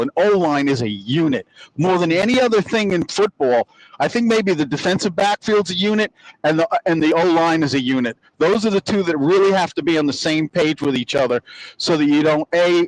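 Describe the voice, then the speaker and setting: A man's voice: a little high, no room sound, low-quality recording. Chatty older man talking sports. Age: 60s. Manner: rambling storyteller, lots of restarts and "you know". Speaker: podcast host. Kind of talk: casual sports chat.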